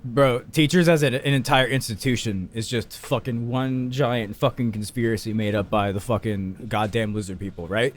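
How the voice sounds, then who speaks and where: A man's voice: medium pitch, steady tone, moderate pace, few pauses, a little hiss or hum. A young man co-hosting a podcast over a voice call, telling a profane, ranting story in casual chat. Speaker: podcast co-host. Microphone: recorded on a voice call.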